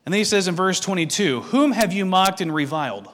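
A man with a fairly high voice delivers a sermon as pastor. He reads passages of scripture aloud, then explains them at a measured pace and puts direct questions to his listeners. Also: expressive, a bit bright.

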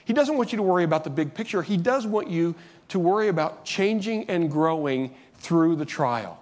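A middle-aged male pastor delivers a sermon in an earnest, conversational way. His voice sits a little on the high side, and he often stops and restarts his sentences as he works toward his point. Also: expressive, normal speed, darkish tone.

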